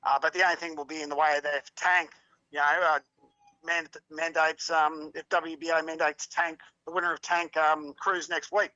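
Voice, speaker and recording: A man's voice: a little high, little pitch movement, normal speed, pushed and bright, smooth, dry recording, dull audio. A man co-hosting a boxing podcast, chatting casually and explaining things plainly.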